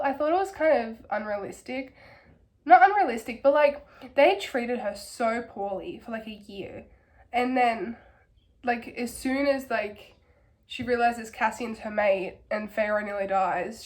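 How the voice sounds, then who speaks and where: A hoarse young woman with a cold, rambling enthusiastically through a casual book review and filling her talk with "like". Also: a little high. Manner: rambling, filler-heavy, enthusiastic.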